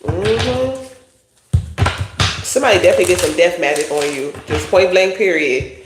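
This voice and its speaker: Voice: medium pitch, fast, music in the background. A tarot reader giving a casual livestream reading, talking bluntly in profane slang. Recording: roomy echo.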